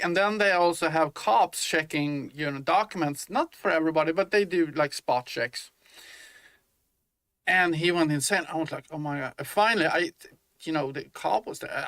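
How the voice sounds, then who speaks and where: Gravelly yet fairly bright, this man's fairly high voice comes through with no room sound. He's an indie developer in a casual dev-log vlog, rambling, restarting and filling pauses as he thinks aloud while working.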